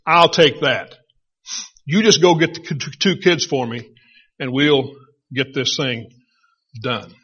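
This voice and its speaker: A man doing a brisk, determined mother. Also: mid-range voice, fairly bright tone, slightly rough, lo-fi sound, pitched below the performer's own voice. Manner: brisk, reassuring.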